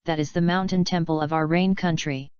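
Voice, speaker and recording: A woman voicing a quiet, drowsy and reserved young woman ninja with soft, unhurried lines. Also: sits low, fairly even intonation, clear, resonant tone, no room sound, close to an everyday voice. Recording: slightly dull, dry lo-fi recording.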